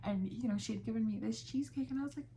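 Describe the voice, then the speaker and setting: A woman's voice: a little high, racing, gravelly, dark tone, slight background noise. A young woman vlogging about her crochet business in a chatty, casual way, full of fillers and retold conversations. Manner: chatty, with fillers and quoted dialogue. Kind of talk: casual chat.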